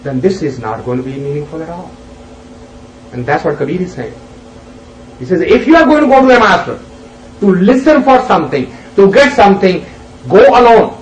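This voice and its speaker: A man's voice: high voice, lively intonation, a little hiss or hum. Man teaching in a roomy, distant recording. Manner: unhurried, poses rhetorical questions to listeners. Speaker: spiritual teacher. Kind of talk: spiritual discourse with storytelling.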